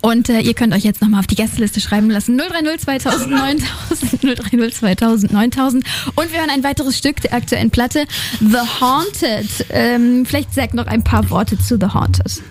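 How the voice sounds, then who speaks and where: A woman's voice: a little high, fairly quick, hardly any pauses, a little hiss or hum. Playful German woman radio host. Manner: playful, teasing. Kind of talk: radio interview hosting in German and English. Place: radio studio.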